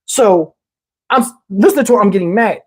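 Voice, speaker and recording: A man telling a story in a casual, animated way, swearing freely and acting out what people said. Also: high voice, a little fast, slightly rough. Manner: animated, profane, acts out quotes. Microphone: wireless lapel mic.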